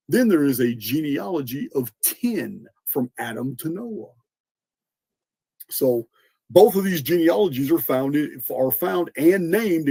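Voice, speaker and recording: A man's voice: a little high, vocal fry, dark tone, breathy edge, no echo. A man hosting a podcast, explaining in an earnest lecturing monologue, often restarting words and spelling out names, with a bit of a cough. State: coughing, clearing throat. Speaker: podcast host.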